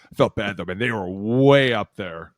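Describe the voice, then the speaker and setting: A man in his thirties with a somewhat low voice, co-hosting a football podcast and telling lively stories from his playing days. He swears freely and acts out the lines of the people in his stories. The sound is dry, close and without any room echo. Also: moderate pace. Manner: excitable storyteller who swears and acts out quotes. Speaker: podcast co-host, former NFL lineman. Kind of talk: casual chat.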